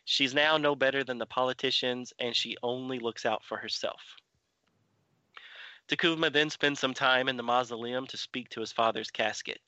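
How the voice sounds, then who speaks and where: A man's voice: medium pitch, sharp tone, no room sound, highs cut off. A man retelling a comic book story and then chatting about it with friends on a podcast. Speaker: podcast co-host. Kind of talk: comic book recap and discussion.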